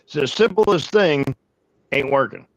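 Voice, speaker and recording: A man telling a long, profane anecdote in casual chat, rambling and animated. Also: on the high side, a little slow, dry recording, rough recording. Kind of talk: casual storytelling.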